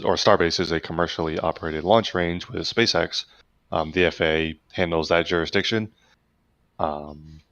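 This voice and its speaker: A man's voice: sits low, fairly bright tone, no echo, highs cut off. A man hosting a live space broadcast, casually answering viewer questions and thinking aloud with fillers. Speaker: livestream host.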